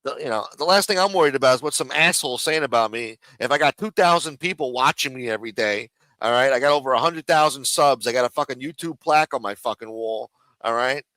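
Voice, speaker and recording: Man, live stream host, profane mocking rant, bright forceful tone, dry close sound. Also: medium pitch, quick pace, dry recording, low-quality recording. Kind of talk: casual ranting chat.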